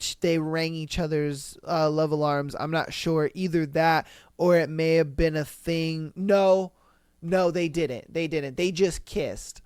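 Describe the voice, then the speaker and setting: A podcast host, a man with a high, smooth and resonant voice, casually recaps a drama. He is animated and curses freely, slipping into the characters' lines as he goes. The sound is close and dry on the mic. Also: dry recording. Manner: animated, acts out dialogue, swears casually.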